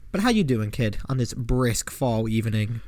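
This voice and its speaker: A young man co-hosting a casual sports podcast, joking around in animated, slangy banter on a close mic. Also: medium pitch, moderate pace, no room sound. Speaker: podcast co-host. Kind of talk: casual chat.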